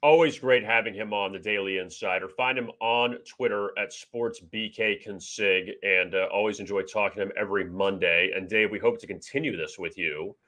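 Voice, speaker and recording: A man hosting a sports-betting show who talks in an easygoing way, filling pauses with "uh". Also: on the low side. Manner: relaxed, steady, fills pauses with "uh". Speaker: show host. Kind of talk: casual sports-betting chat.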